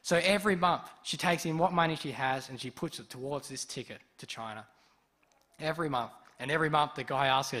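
A man preaching a sermon, telling a story in a lively way and acting out the people in it. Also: a little high, a little fast. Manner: lively storyteller who acts out quoted speech.

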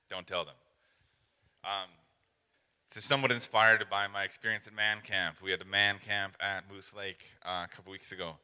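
A man preaching a sermon, telling stories in a relaxed, self-deprecating way with many fillers. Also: deep voice, clean tone, long reverb tail. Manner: casual storytelling with fillers and self-deprecating humor. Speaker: pastor.

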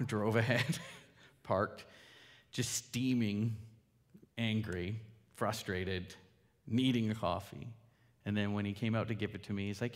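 A man preaching a sermon as pastor, earnest and pleading, dropping to hushed appeals and rising to emphatic points. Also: mid-range voice, lively intonation, a little slow. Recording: hall reverb.

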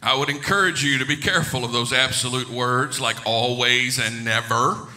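A man's voice: medium pitch, steady tone, normal speed, sharp tone. A middle-aged pastor preaching a sermon to his congregation in a large church, emphatic and joking with his listeners.

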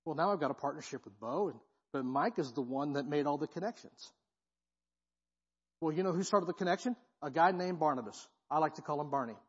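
A high-pitched man preaches a sermon in a church sanctuary, his husky voice carrying a long hall reverb. He talks in a casual, slangy way and keeps checking in with the congregation. The sound is dull and muffled. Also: brisk. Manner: casual, slangy preaching with frequent "right?" asides. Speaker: guest pastor.

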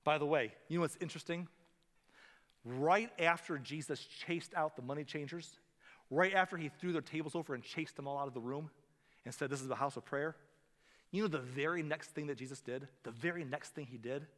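A male pastor preaching a sermon, dynamic and shifting between hushed, gentle passages and loud, emphatic ones. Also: a little high, a little fast, big-room sound.

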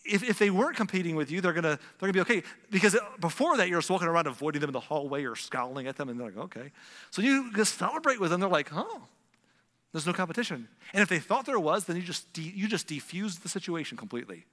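A middle-aged male pastor preaches in a casual, chatty way, slipping into little acted-out scenes. His voice is bright and a touch high, and it rings with the long reverb of a big hall. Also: expressive, very fast, hardly any pauses. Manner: conversational, acts out little scenes with shifting voices. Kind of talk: sermon.

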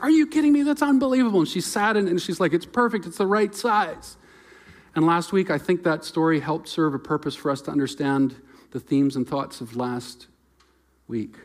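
A man preaching a sermon as pastor, earnest and storytelling, rising to loud emphasis and dropping to near-whispered softness. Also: fairly high pitch.

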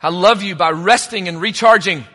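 High bright-voiced male pastor preaching. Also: normal speed, long reverb tail. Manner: conversational, with joking asides. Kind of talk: sermon.

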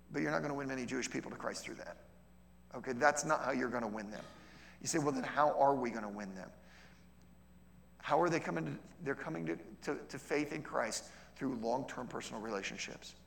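A middle-aged man teaching as a missionary, in a conversational way, often checking in with "okay?" and acting out bits of dialogue with lively shifts of voice. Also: mid-range voice, brisk, creaky. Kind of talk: teaching session on outreach. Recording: long reverb of a large hall.

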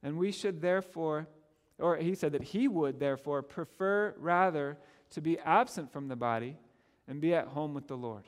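A man preaching a sermon as pastor, earnest and animated, often stammering on repeated words as he pushes a point. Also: on the high side, normal speed, in a large hall.

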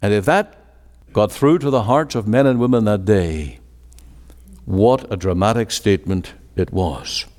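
A man's voice: on the low side, a little slow, darkish tone. A man preaching a sermon with an emphatic, rising and falling cadence. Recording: long hall reverb.

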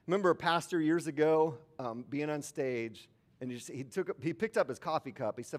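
A man's voice: on the high side, brisk. A man preaching a sermon as a pastor, in an informal, conversational way with asides to the congregation.

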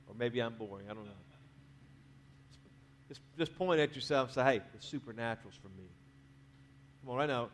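A man preaching a sermon in a church, talking conversationally, dropping quiet at the ends of phrases and rising to urge the congregation on. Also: mid-range voice, moderate pace, long pauses. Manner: conversational preaching, drops to quiet endings, rises to urge the crowd. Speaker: pastor. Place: church sanctuary.

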